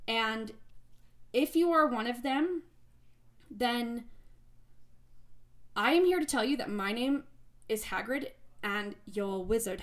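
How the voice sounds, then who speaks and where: A young woman with a voice sitting a little high, speaking her mind in a blunt, unfiltered way. She rambles and restarts her sentences, throws in the odd swear word, and talks like she is recording casually from her couch at home. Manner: blunt and frank, swears freely; rambling, with many fillers and restarts. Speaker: former bodybuilding competitor. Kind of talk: casual monologue to camera. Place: at home, relaxing.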